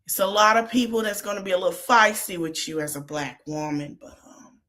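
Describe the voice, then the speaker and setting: A woman's voice: mid-range voice, fairly quick, a bit bright. A woman hosting a podcast, recapping a reality show reunion in a chatty, gossipy way, with sassy asides. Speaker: podcast host.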